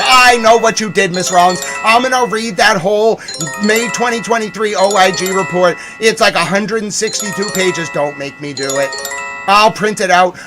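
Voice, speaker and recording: Man in a theatrical mock-outraged rant. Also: high voice. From Massachusetts. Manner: theatrical mock outrage, swinging between loud and muttered. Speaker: livestream host. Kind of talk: ranting live stream commentary.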